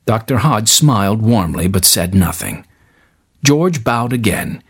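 A man reading a story aloud in a scripted, expressive style. His voice is husky, and his pitch rises and falls in a lively way as he carries the narration along. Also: unhurried.

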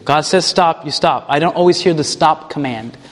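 A man who leads a ministry tells a personal testimony in an animated way and chuckles as he goes. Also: fairly high pitch, moderate pace, big-room sound. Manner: animated, chuckles while telling stories. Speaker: ministry leader.

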